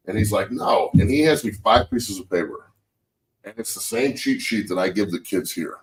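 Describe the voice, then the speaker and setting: A deep-voiced man in his forties swaps football stories in casual sports-show banter, cursing freely and acting out what coaches said. His voice sits a little back from the microphone. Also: moderate pace, recorded from a distance, poor audio. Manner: profane, animated storyteller acting out quotes. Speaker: show host, former NFL lineman turned coach.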